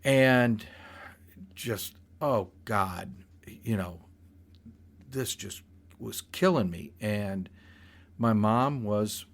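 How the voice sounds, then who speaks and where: An older man telling a personal story in a rambling, halting way, with frequent restarts. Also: fairly low pitch, lively intonation.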